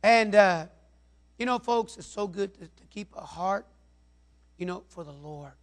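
A man's voice: sits high, measured pace. A male pastor preaching a sermon, rambling, with many repeated words and fillers.

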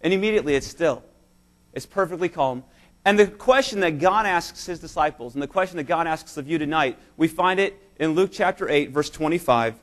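A man's voice: on the high side, fairly quick. A man preaching a sermon in church, speaking emphatically and telling stories to his congregation. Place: church service.

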